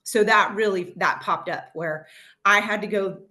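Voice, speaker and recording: A woman's voice: mid-range voice, measured pace, pushed and bright. A woman real estate agent on a video call, sharing personal reflections in a candid, blunt way and swearing casually.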